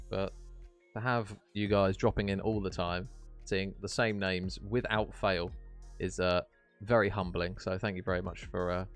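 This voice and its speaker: A man casting an esports match on stream, chatty and jokey, chatting warmly with his viewers. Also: low voice. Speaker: esports caster. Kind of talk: casual stream commentary reading chat.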